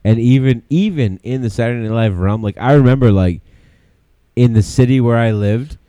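A man co-hosting a podcast in casual chat, animated and swearing, acting out movie quotes. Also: medium pitch, moderate pace, smooth, dry recording. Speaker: podcast co-host.

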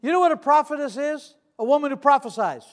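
A man in his sixties, a pastor preaching a sermon with humor and asides, swinging from loud declarations to hushed storytelling. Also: extremely high pitch, animated, fast. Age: 60s.

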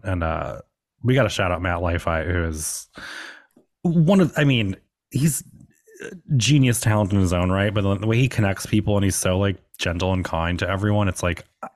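Low-voiced man, rambling podcast host. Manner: rambling, laughing, swears often, many "like" fillers. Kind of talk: casual chat.

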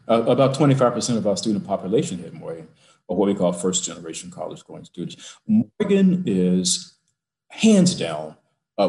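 A man's voice: low-pitched, darkish tone, roomy sound. A university president, a man, telling a personal story in an interview from his office, building to emphatic peaks.

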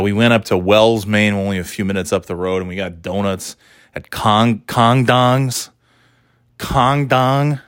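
A man's voice: low-pitched, a bit bright, no room sound, studio quality. Profane ranting middle-aged man. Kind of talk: casual monologue.

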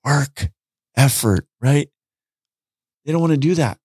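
A man talking casually on a podcast, an animated storyteller who acts out conversations and repeats his points. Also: medium pitch, unhurried, slightly rough, dry recording, studio quality. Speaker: podcast guest, street preacher. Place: podcast studio.

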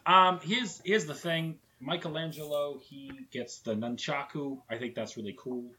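A man's voice: a little high, moderate pace, bright, forceful tone, a little hiss or hum. A man co-hosting a comedy podcast, joking crudely and laughing often in casual chat. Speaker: podcast co-host.

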